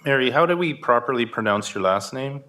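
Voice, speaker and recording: A man's voice: medium pitch, animated, fairly quick, bright, forceful tone. A man handling the cases at a hearing, speaking in a formal, careful, procedural way over a video call.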